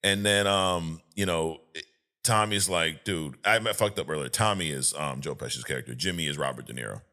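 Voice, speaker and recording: Profane, animated storyteller guy. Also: a bass voice, brisk. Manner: profane, animated storyteller who acts out scenes. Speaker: podcast co-host. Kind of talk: casual movie chat.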